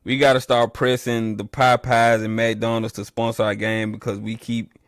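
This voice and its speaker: A man hosting a casual livestream, reading the chat and trash-talking rival teams playfully, with loud animated bursts. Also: medium pitch, normal speed, no room sound, studio quality.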